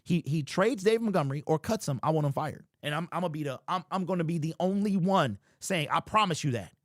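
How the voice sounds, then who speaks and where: Exasperated sports host, lively high voice. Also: male voice, fast, dry recording, studio quality. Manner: exasperated, incredulous, repeats himself. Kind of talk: livestream sports rant, reading super chats.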